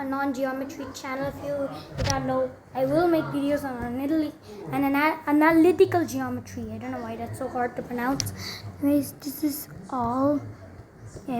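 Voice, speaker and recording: A woman's voice: high voice, darkish tone, a little hiss or hum. Chatty young woman explaining math. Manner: chatty, self-interrupting, many fillers. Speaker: math tutor. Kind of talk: casual explaining while writing.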